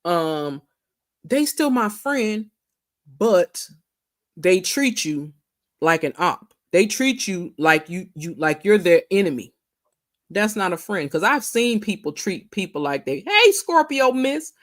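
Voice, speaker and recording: A woman's voice: fairly low pitch, animated, slow pace. A woman hosting a casual livestream chat, greeting viewers by name and stretching her words out. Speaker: livestream host.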